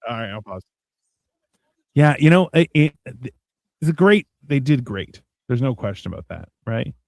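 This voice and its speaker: A man's voice: mid-range voice, sing-song, moderate pace, gravelly, a little mellow, no echo. A man co-hosting a casual movie watch-along, joking and swearing freely. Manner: joking and profane, with mocking voices for characters. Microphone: live stream microphone.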